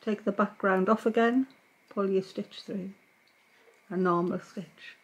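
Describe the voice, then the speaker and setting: A woman gives a knitting tutorial, narrating each stitch as she works. Her voice sits in a middle pitch, and she speaks in a calm, patient way. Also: unhurried, pauses often, breathy edge, muffled recording. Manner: calm, patient, talks while working. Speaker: knitting teacher. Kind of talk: step-by-step craft tutorial.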